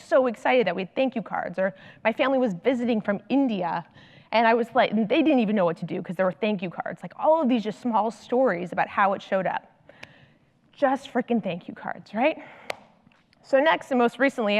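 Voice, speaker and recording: A woman in her thirties, a consultant and coach, giving a conference talk in an animated storytelling manner with lots of "like". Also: on the high side, lo-fi sound. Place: large conference hall. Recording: long hall reverb from stage.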